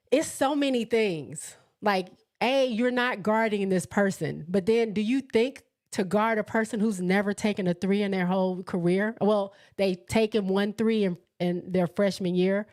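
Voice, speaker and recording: A woman hosting a casual live sports chat, reading out viewer comments and laughing often as she talks. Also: mid-range voice. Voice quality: laughs often, excitable and chatty. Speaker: host of a live sports show.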